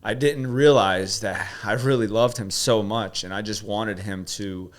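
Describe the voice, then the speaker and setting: A man with a fairly low voice leads a coaching talk. He presses with short questions and then tells a heartfelt personal story. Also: fairly even intonation, a little slow. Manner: probing, then emotional storytelling. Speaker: guest coach.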